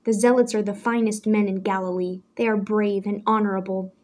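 A woman's voice: medium pitch, flat delivery, fairly quick, a little mellow, lightly acted. A woman voicing a hot-tempered teenage boy who speaks rudely and with passion. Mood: impassioned. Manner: rude, passionate, defiant.

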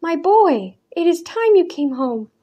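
A woman reading the part of a frail, very old grandmother with a quavering, fussy voice, raising her pitch for her. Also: sing-song, a little slow, mellow, highs cut off, exaggerated voice. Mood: tender. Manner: quavering, fussing.

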